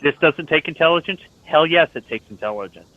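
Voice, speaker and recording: A man's voice: fairly high pitch, animated, brisk, no echo. A man in casual chat, explaining his opinions at length. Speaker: lobby chat participant. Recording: dry tinny phone-like line.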